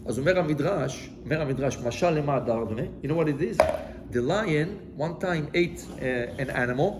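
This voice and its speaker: Rabbi teaching a lively lesson, rapid and high-pitched, acts out every quote. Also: male voice, very noisy. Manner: animated storyteller, acting out quotes. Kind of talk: Torah lesson mixing Hebrew and English.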